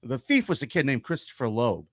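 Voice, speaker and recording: A man co-hosting a podcast, telling a true-crime story in an animated, profane way. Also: mid-range voice, brisk, no room sound, clean studio sound. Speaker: podcast co-host.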